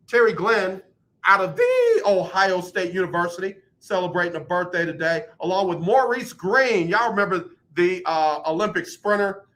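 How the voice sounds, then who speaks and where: A man hosting a radio show, telling an exasperated story with laughs and reading birthday shout-outs. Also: high-pitched. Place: radio studio.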